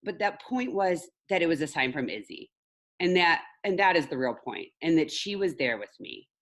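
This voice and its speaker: Candid woman coach with a lowish voice. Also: sing-song, normal speed. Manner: candid, emotional, laughs at her own slips. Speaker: mindset coach. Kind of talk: live online class, personal storytelling.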